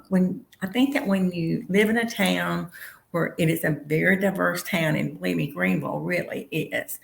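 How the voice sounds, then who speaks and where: A woman from Tennessee talking earnestly on a video call. Her voice is low and strongly gravelly, with a lot of fry. The room around her is echoey. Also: a bit bright. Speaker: panelist. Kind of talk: round table discussion.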